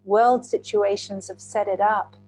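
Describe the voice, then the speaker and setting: A woman's voice: medium pitch, unhurried, faint music behind, low-quality recording. A woman hosting a heartfelt casual chat, telling stories animatedly. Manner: animated storyteller, acts out quotes. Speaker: host.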